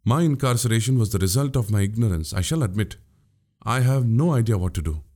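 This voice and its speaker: A man's voice: on the low side, expressive, brisk, warm tone. A man voicing a witty, boastful young male warrior in an audiobook, speaking grandly. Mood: weary. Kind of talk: audiobook character voice.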